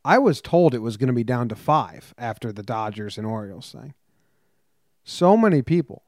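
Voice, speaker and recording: A man's voice: medium pitch, animated, moderate pace, a little mellow, no echo, clean studio sound. Laid-back wry man co-hosting. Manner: laid-back, wry, talks through thoughts with fillers. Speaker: podcast co-host. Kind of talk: casual chat.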